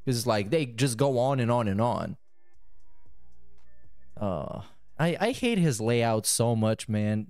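A man's voice: mid-range voice, darkish tone, smooth, dry recording. Male podcast host with a mid-range voice and a dry close sound; sarcastic, mocking, swears freely. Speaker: podcast host reacting to a clip. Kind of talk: sarcastic react commentary.

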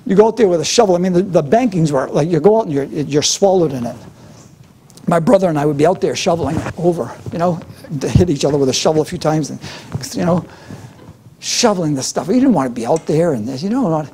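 A man's voice: fairly high pitch, expressive, quick pace, dark tone, a little hiss or hum. A middle-aged man preaching a sermon as pastor, with a fervent, repetitive preaching cadence.

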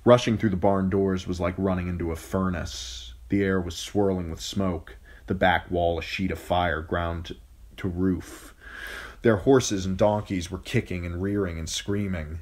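A man reading a fantasy novel aloud as an audiobook narrator, steady storytelling with occasional slips. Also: low voice, measured pace. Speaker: audiobook reader. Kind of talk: scripted narration.

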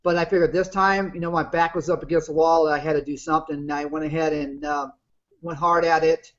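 A man's voice: fairly high pitch, fairly even intonation, a little fast. A man in his fifties telling his personal story on a webinar in a plain-spoken, rambling way. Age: 50s. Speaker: guest business partner. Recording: muffled lo-fi video call audio.

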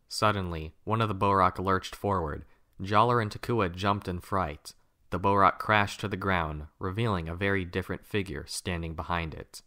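Male storybook narrator, low voice with a bright edge. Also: normal speed.

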